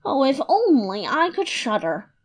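A naive, fearless young boy from a storybook tale, high and earnest, as a woman reads him aloud. His voice rises and lilts with each plea, plaintive and bright. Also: very animated, unhurried.

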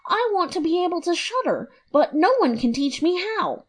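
A woman voicing a fearless, naive young boy hero in a fairy tale, speaking in a high, earnest, plaintive voice. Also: very animated, moderate pace.

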